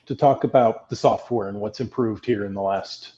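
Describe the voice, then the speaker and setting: A man's voice: fairly low pitch, normal speed, warm tone, lo-fi sound. A man co-hosting a casual podcast, reading listener comments and chatting in a friendly, laughing way. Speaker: podcast co-host. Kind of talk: casual chat.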